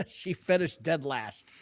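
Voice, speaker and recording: A man's voice: on the high side, sing-song, slow pace, no room sound. A man co-hosting a podcast in casual chat, joking and profane, laughing often. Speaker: podcast co-host.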